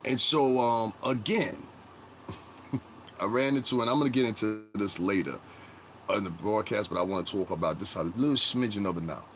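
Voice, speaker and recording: A man's voice: on the low side, moderate pace, a little hiss or hum. A man hosting a casual live-stream commentary, rambling conversationally and greeting chat viewers as he talks. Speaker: livestream commentary host.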